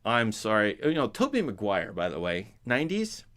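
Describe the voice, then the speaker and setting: A man's voice: fairly low pitch, wildly swooping pitch, moderate pace, fairly bright tone. A man chatting casually to his viewers as a film commentator, rambling with restarts and asides.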